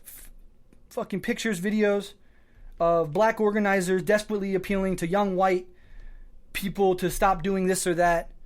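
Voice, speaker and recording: A high-voiced man hosting a podcast unleashes a fiery political rant, cursing freely and driving his points home with rapid bursts of short, repeated clauses. Emotionally worked up and short on sleep, he sounds raw and barely in control.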